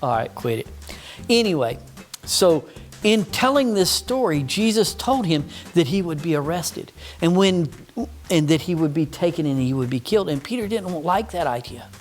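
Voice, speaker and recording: A man's voice: fairly high pitch, animated, normal speed, soft background music. A man teaching children a Bible story, patient and mock-stern with a puppet that keeps interrupting.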